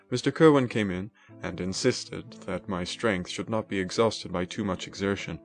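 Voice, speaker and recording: A low-voiced man gives a dramatic, emotive first-person reading of a classic novel. Faint music sits under his narration. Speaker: audiobook narrator.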